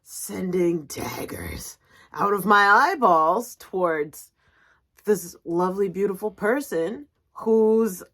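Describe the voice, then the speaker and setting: A middle-aged woman giving a spiritual business coaching talk, emphatic and animated, often asking "right?". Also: medium pitch, takes it slowly. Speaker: executive coach and reiki teacher.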